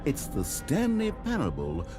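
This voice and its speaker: A man's voice: medium pitch, wildly swooping pitch, unhurried, over music. A man voicing a smug, sarcastic video game narrator with dry, mock-grand delivery.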